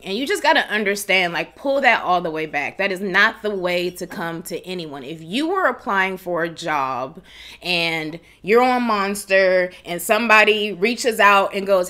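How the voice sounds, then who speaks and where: Chatty gal giving straight-talk wedding tips from home, bright clear voice. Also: female voice, lively intonation, moderate pace. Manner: chatty, direct, acts out quoted people in higher voices. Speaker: wedding planning host. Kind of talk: casual live Q&A advice.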